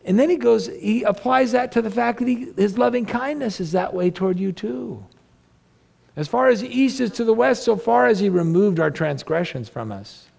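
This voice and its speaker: A male pastor preaching a sermon with a strongly gravelly, crackling voice pitched a little above the usual for a man. He reads scripture aloud and turns to his listeners with earnest rhetorical questions. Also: lively intonation, normal speed, darkish tone.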